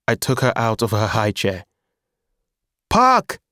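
A man reading a chapter of a novel aloud in first-person narration, at a measured pace. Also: on the low side, steady tone, dry recording, clean studio sound. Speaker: audiobook narrator.

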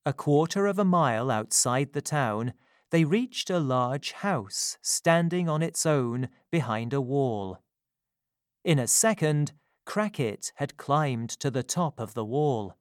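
A reader narrating a story in a slow, careful, scripted style. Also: medium pitch, lively intonation, no echo, clean studio sound.

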